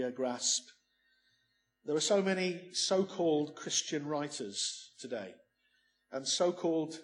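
Man, preacher, sermon, emphatic, rhetorical questions, slightly high voice.

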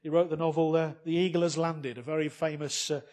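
In his sermon, a man asks his congregation many rhetorical questions, his volume rising to emphatic peaks and dropping to soft lows. His voice is a little high and steady in tone, and he speaks fairly quickly.

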